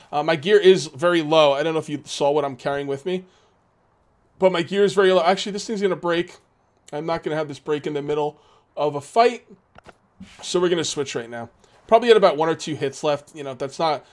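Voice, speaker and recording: A man hosting a let's play, talking through his gameplay in a rambling, casual way with lots of fillers. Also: fairly high pitch. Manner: rambling, filler-heavy, chatty.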